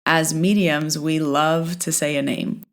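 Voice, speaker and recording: A woman with a notably low voice hosts her own podcast as a medium. She tells stories in a loose, chatty way, often retelling back-and-forth exchanges. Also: steady tone, a little slow. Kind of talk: casual podcast storytelling.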